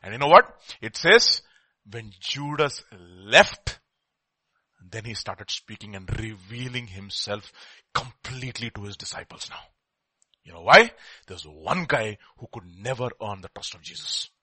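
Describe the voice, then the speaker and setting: Man, preacher, sermon, bright forceful voice, dry close sound, swings from quiet to loud. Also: fairly low pitch, measured pace, slightly rough, dry recording. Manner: animated preaching, acts out quoted dialogue, swings from quiet to loud. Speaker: pastor.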